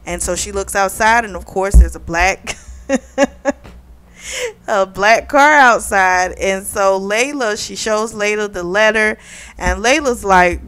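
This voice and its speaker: A woman's voice: medium pitch, slow pace, a bit bright, clean tone. A woman hosting a casual book review, retelling the plot in a chatty way with lots of "like" and "you know.".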